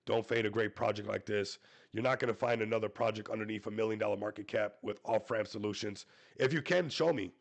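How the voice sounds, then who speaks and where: A man's voice: on the low side, completely flat delivery, fast talker, creaky. A man hosting a crypto live stream, sick with a stuffy nose, hyping a project in a salesy way. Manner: hyped, salesy, repeats "everybody". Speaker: crypto YouTuber host. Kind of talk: live stream promo talk.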